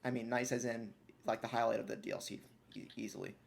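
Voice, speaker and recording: Gravelly-voiced man on a podcast. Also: mid-range voice, level tone, fast. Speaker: podcast co-host. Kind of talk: casual chat.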